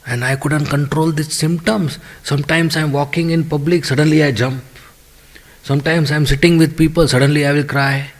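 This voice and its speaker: A man's voice: fairly high pitch, fairly even intonation, normal speed. A man giving a devotional scripture class in a temple, telling a story with acted-out voices and chanted verses. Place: temple hall.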